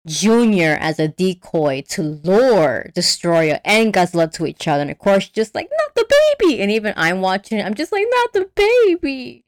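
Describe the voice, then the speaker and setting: A woman's voice: lowish voice, no room sound, clean studio sound. A woman in casual chat, retelling a film plot with lots of energy, acting out the characters' lines and swearing freely.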